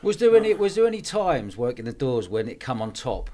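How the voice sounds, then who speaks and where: A man's voice: mid-range voice, big pitch swings, a little fast, warm tone. A man, a podcast host putting probing, leading questions to his guests. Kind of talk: interview questions.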